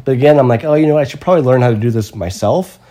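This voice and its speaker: Mellow-voiced man telling a story casually. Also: medium pitch, racing. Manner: animated, self-mocking, swears casually.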